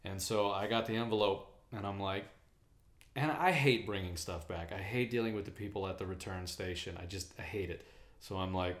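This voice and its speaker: A man casually telling profane, animated stories about delivering mail, acting out the voices of the people in them. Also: low voice, brisk, echoey room. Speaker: mail carrier. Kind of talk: casual storytelling chat.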